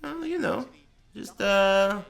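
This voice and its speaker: A man playing a police officer at a traffic stop, speaking in a slow, low, drawling, mock-polite voice. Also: animated, gravelly, fairly bright tone, full character voice. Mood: mock-stern.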